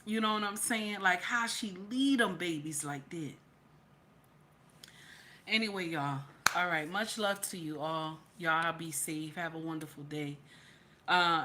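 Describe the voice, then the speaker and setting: Woman host, forceful bright voice, tearful and emphatic, slightly low pitch. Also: a little slow, a little hiss or hum. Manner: emphatic, repeats herself, preachy. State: tearful after crying. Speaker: channel host. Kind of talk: live-stream reaction vlog.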